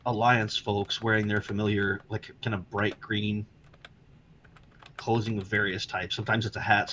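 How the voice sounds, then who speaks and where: A man's voice: lowish voice, fairly bright tone, lo-fi sound, slight background noise. A man narrating a tabletop game as game master, describing the scene loosely with many fillers over an online call.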